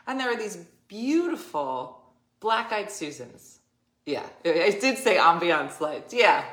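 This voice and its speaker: A woman's voice: fairly low pitch, slow pace. A middle-aged woman hosting a casual chat, telling a funny story with frequent laughter and acted-out voices. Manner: animated, laughs often, acts out quoted people. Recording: roomy echo.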